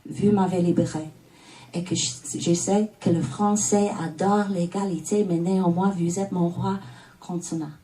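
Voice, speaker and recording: A woman's voice: lowish voice, steady tone, moderate pace, warm tone. Mancunian woman reciting spoken-word poetry. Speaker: poet. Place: live music studio venue. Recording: distant live room sound.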